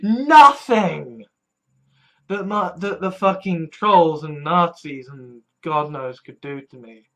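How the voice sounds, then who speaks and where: A vlogger in a candid personal monologue, blunt and profane, sighing and trailing off, then flaring into mocking loud bits. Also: medium pitch, animated, slow. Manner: blunt and profane, with frequent sighs and trailing restarts; swings between weary mutters and mocking shouted quotes.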